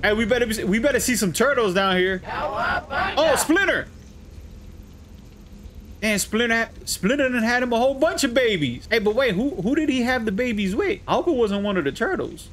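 A high-pitched man riffs over a video game with loose, profane jokes aimed at his viewers. The game's sounds and noise run clearly behind him, though his voice stays up front. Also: expressive, moderate pace, fairly bright tone. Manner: loose, joking, profane running commentary. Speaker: gaming channel host. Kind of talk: let's play commentary.

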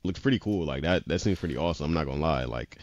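A man's voice: very deep voice, lively intonation, very fast, no echo, dull audio. A man casually retelling an anime episode, rambling with lots of "he was like" quotes and frequent laughs. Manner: laughs often. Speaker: podcast co-host.

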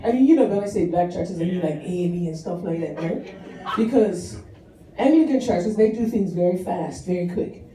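A woman's voice: fairly low pitch, animated, moderate pace, dark tone. A woman doing a stand-up comedy set in a church hall, chatty and self-mocking, stretching out her punchlines. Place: church hall with live audience. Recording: echoey hall, taped from far off, audience laughter. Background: crowd laughing.

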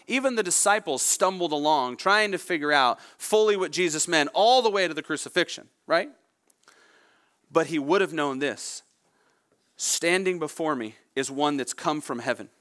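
Guy preaching a sermon, bright highish voice, acts out the quotes. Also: animated, moderate pace. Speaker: pastor.

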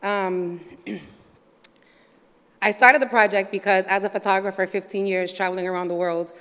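A woman's voice: medium pitch, fairly even intonation, normal speed, a bit bright, clean tone. A woman from Boston giving an unprepared acceptance speech, casual and conversational with many ums. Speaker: award recipient, photographer. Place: large hall. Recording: hall with long reverb.

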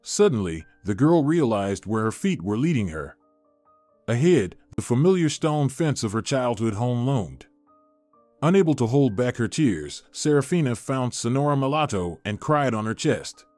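Guy narrating a story, even n measured, dry close sound, soft music under. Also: medium pitch, dry recording.

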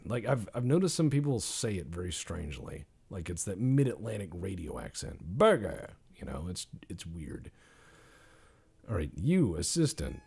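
Male gameplay commentator, gravelly and husky, rambling and jokey, lively pitch swings. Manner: jokey, deadpan asides with sudden loud outbursts.

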